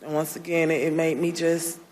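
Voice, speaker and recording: A woman, a former election worker, giving emotional testimony, soft-spoken and halting, with many pauses and restarts, sounding distressed and close to tears. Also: low-pitched, level tone, big-room sound, slight background noise.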